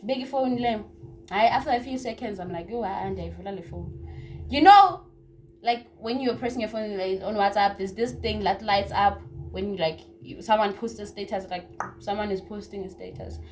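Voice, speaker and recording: A young woman telling a casual story-time tale, chatty and repetitive, with hushed asides. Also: mid-range voice, normal speed, a little hiss or hum. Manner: chatty, repeats words, drops into hushed asides. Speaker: vlogger.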